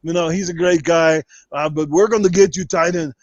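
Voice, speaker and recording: A man's voice: a little high, steady tone, normal speed, no room sound, lo-fi sound, close to an everyday voice. A man doing a brash bodybuilder impression. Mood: joking. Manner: brash, boastful, rambling, trash-talking. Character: boastful muscle-bound Austrian bodybuilder, adult man. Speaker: podcast guest doing an impression. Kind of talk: comedic impression in podcast chat.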